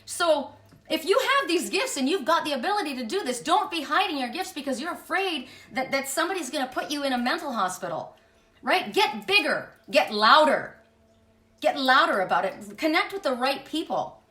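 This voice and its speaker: A woman's voice: sits high, lively intonation, fairly quick, fairly bright tone, reverberant, far from the mic. A woman giving an impassioned spiritual monologue as host, emphatic and blunt, swearing freely.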